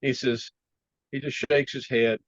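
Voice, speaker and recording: A man telling a story in a casual interview, animated and laughing often, clearing his throat now and then. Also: medium pitch, unhurried, no room sound, highs cut off. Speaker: martial arts teacher, interview guest.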